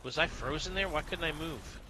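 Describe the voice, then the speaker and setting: A man's voice: on the high side, fairly quick, background noise. A man streaming a video game, chatting casually and greeting viewers by name. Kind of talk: casual livestream chat while playing.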